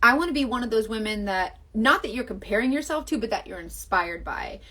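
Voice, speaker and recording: A woman's voice: a little high, animated, a little fast, sharp tone. A young Southern American woman with a Southern accent, chatting on a makeup livestream in a gushing, rambling way, full of fillers. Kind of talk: casual livestream chat and makeup demo.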